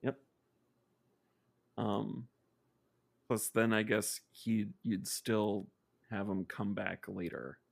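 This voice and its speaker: Male podcast guest with a gravelly voice, sarcastic, rambles and restarts. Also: on the low side, flat delivery, very slow, pauses often. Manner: sarcastic, rambling, self-interrupting. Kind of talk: casual podcast chat.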